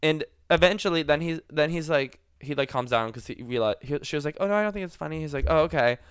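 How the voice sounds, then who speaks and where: A young man co-hosting a podcast, telling a story in a rambling, animated way with lots of likes and laughs. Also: a little high, quick pace, clean tone, dry recording, clean studio sound. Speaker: podcast co-host. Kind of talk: casual storytelling chat.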